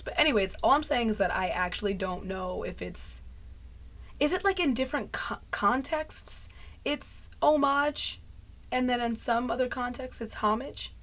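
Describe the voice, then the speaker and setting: A woman vlogging in casual chat, rambling in a stream of consciousness and laughing at herself. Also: medium pitch. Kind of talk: casual talking-head chat. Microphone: mic close to clipping.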